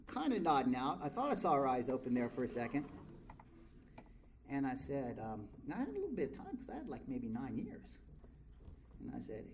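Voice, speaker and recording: Medium in pitch and darkish in tone, his voice comes through a rough recording with slight background noise. He is a middle-aged Californian at a recovery meeting in a convention meeting room, telling a live crowd his story in a frank, blunt, profane way.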